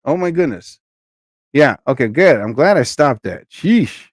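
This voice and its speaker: A man's voice: mid-range voice, sing-song, a little slow, no room sound. A man in his forties hosting a live stream, ranting in a blunt, emphatic way and stopping to greet viewers in the chat.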